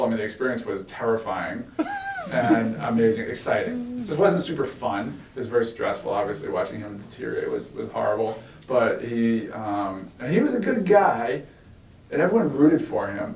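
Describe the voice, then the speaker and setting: A middle-aged man, a former tech executive, telling stories in an animated way and laughing as he recounts them in a Q&A. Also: mid-range voice. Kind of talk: relaxed storytelling in a Q&A. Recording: roomy and from far off with faint noise.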